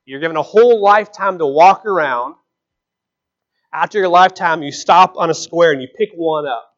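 A man's voice: fairly high pitch, moderate pace, fairly bright tone. A man preaching a sermon in an earnest, conversational way, with frequent rhetorical questions, in a dull lo-fi recording.

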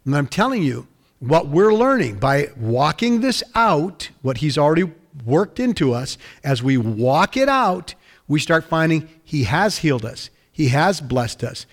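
A man's voice: fairly high pitch, very animated, a little slow. A man preaching a sermon as pastor, fervent and emphatic, repeating phrases for weight.

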